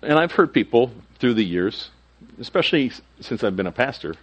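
A man's voice: medium pitch, very animated, moderate pace, breathy edge, dull audio. A male pastor teaching through a Bible passage in a conversational sermon, sometimes acting out the quoted speakers.

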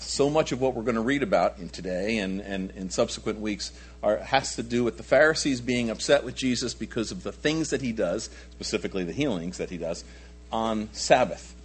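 Husky man teaching a Bible lesson. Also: medium pitch. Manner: animated, asks rhetorical questions, frequent restarts. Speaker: pastor teaching a Bible study. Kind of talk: conversational sermon.

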